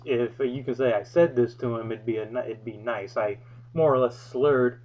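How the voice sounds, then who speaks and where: A man's voice: medium pitch, normal speed, darkish tone, muffled recording. A young man hosting his vlog, telling a story from his past in a wry, self-deprecating way. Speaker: vlog host. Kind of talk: casual storytelling.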